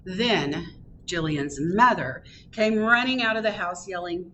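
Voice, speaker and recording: A woman reading a picture book aloud at a library storytime, with expressive storytelling. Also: lowish voice, slow pace, muffled recording, a little hiss or hum. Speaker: storytime reader. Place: public library.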